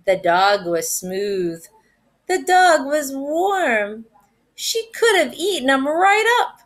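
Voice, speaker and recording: Animated woman reading to first graders. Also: high voice, slow pace. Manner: animated, expressive storytelling. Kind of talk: reading a picture book aloud.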